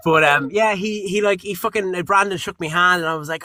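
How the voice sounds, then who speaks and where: A young Irish man, a voice actor being interviewed, telling stories in a lively way, acting out quotes and swearing casually. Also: a little high, quick pace, dry recording. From Ireland. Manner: animated storyteller, acts out quotes, swears casually. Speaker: guest voice actor.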